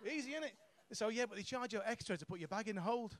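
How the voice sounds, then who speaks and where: A man's voice: sits high, lively intonation, quick pace. A young man doing a stand-up set on a comedy club stage, brash and sweary, laughing at his own jokes.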